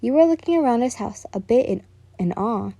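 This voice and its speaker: A woman's voice: a little high, expressive, a little fast, dark tone, dry recording. A woman reading a fan fiction story aloud, stumbling and correcting herself as she goes.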